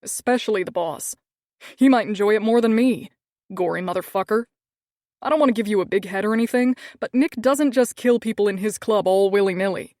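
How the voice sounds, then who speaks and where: A woman voicing an easygoing young man who is soft-spoken, casual and joking, in a storybook reading. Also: medium pitch, fairly quick, no echo, studio quality, close to an everyday voice. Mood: teasing.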